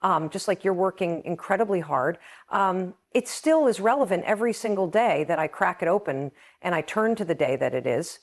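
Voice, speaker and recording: A middle-aged woman hosts a podcast in an earnest, heartfelt monologue. Her voice sits a little low for a woman, and she speaks with open feeling. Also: expressive, normal speed. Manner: earnest, emotional, reads passages aloud. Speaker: podcast host.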